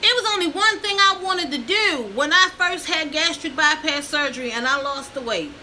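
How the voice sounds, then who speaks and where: A woman's voice: sits high, moderate pace, bright, forceful tone, a little hiss or hum, rough recording. A woman, a vlogger telling her story to viewers, tearful and calling them y'all. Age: 50s. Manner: addresses viewers as y'all, breaks down crying. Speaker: mukbang vlogger.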